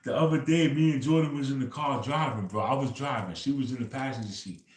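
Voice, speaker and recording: A man's voice: mid-range voice, fast, roomy sound. A man hosting a casual livestream, telling stories loosely and tagging "bro" onto nearly every phrase. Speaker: livestream host.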